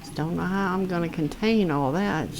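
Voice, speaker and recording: A woman streaming from home, chatting slowly and softly to her cat at a desk microphone. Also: on the low side, noisy background. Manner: slow, soft baby talk to her cat. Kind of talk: casual chat with her cat while gaming.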